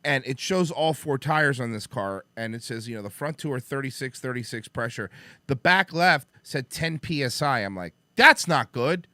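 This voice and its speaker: A man's voice: medium pitch, normal speed, no echo. A man hosting a talk show, telling a story in casual chat, swearing and acting out the people he met. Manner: animated, profane, acts out the other people in the story. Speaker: podcast host telling a story.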